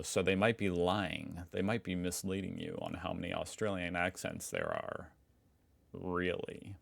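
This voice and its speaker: A man's voice: sits low, measured pace, vocal fry, a bit bright. An American man hosting a reaction video, chatting casually with jokey, self-mocking asides. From United States.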